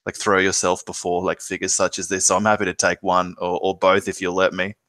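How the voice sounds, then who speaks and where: A man's voice: deep voice, monotone, a little fast, a bit bright, no room sound. A man playing a tabletop game, dramatically describing his character in first person. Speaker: player.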